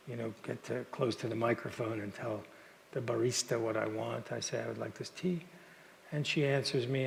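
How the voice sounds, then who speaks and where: A man minister telling a personal story in a sermon, in a relaxed, halting way with frequent restarts, in a church. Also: medium pitch, vocal fry, a little hiss or hum. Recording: long hall reverb, faint ambience.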